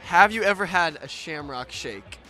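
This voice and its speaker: Playful teenage boy interviewer, bright voice. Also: on the high side, lively intonation, normal speed. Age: teens. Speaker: student street interviewer. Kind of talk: man-on-the-street interview.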